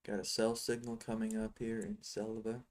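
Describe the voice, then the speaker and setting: A man's voice: lowish voice, monotone, moderate pace. A middle-aged man giving rambling, teasing live commentary on his trading screen, thinking aloud as he goes. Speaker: futures trading software seller.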